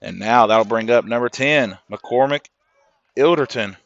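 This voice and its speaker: A man calling a high school baseball game play by play for a live stream, steady and lifting on the big plays. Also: unhurried, gravelly, no room sound, highs cut off. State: coughing, throat irritated. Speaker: play-by-play announcer. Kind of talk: sports commentary.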